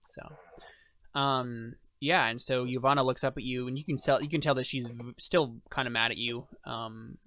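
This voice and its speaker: A man's voice: mid-range voice, steady tone, moderate pace, fairly bright tone. A man narrating as game master in a tabletop game, casual and hesitant, with many fillers.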